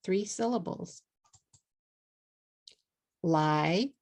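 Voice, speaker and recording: Middle-aged Texan woman, English teacher, low voice, unhurried and deliberate explaining. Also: expressive, vocal fry, darkish tone. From Texas, USA. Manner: slow, deliberate explaining, slipping into Japanese at times. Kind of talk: online English lesson.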